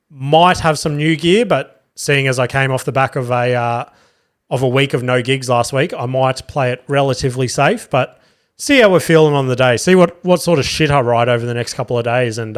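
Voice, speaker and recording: Male podcast host, mid-pitched, loose and sweary, flat low energy. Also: clean tone. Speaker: podcast host and stand-up comic. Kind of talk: casual podcast sign-off.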